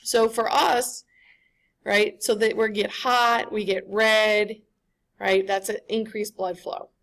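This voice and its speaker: A woman's voice: mid-range voice, level tone, takes it slowly, a bit bright. A woman giving a classroom lecture, conversational and often checking in with the students.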